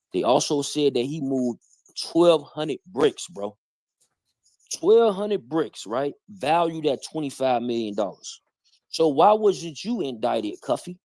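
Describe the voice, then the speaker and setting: A man's voice: mid-range voice, darkish tone, dry recording. Blunt man ranting on a stream. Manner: blunt, challenging, heavy street slang. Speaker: stream host. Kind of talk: heated live-stream commentary.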